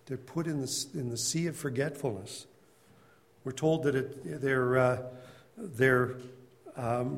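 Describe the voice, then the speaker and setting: A man's voice: medium pitch, in a large hall. A man teaching a Bible class in a conversational storytelling way, calling on class members by name.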